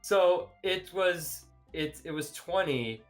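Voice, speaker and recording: A young man, a guest on a podcast, chatting casually in a jokey, animated way and laughing often. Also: fairly high pitch, slow, soft background music. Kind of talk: casual chat.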